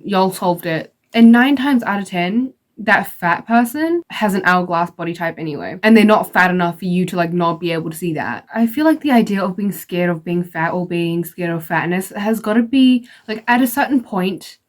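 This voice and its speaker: A young woman ranting to her followers in a casual vlog, blunt and sassy, swearing freely and filling her talk with "like". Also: lowish voice. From outside the United States. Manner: blunt, sassy, profane, lots of "like" fillers. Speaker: vlogger. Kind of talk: casual opinionated rant to camera.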